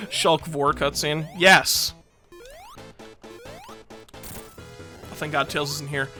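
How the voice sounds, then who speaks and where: A woman's voice: low-pitched, steady tone, takes it slowly, pauses often, pushed and bright. A woman streaming a video game, chatting casually and rambling, self-deprecating and laughing often. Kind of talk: casual gaming stream chat. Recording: game music behind.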